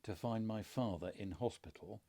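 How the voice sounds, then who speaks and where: A middle-aged father from England telling family stories in a measured, dryly humorous way. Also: fairly low pitch, vocal fry, warm tone. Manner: dry understated humour, measured storytelling. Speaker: podcast co-host, father. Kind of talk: casual conversation.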